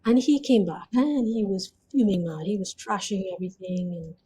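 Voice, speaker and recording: A woman's voice: medium pitch, animated, normal speed, dark tone, a little hiss or hum, poor audio. A woman telling her personal testimony as an interview guest, speaking earnestly and conversationally with frequent 'you know' fillers.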